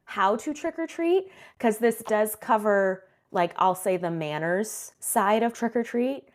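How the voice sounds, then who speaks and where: A woman's voice: mid-range voice, expressive, measured pace. A woman in her thirties co-hosting a book podcast, chatting casually with many ums and likes. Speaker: podcast co-host.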